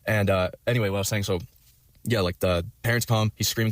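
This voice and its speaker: A man's voice: fairly low pitch, fairly even intonation, quick pace, no echo. A young man telling a long personal story, rambling and swearing, full of fillers. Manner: profane, rambling, many fillers.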